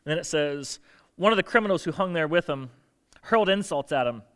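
A man preaching a sermon as pastor, animated, asking rhetorical questions and acting out quoted lines. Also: fairly high pitch, brisk, clean tone.

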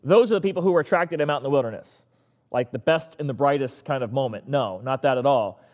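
A man's voice: medium pitch, fast talker, darkish tone, long reverb tail. A male pastor giving a casual, conversational sermon and acting out the voices of the people he talks about.

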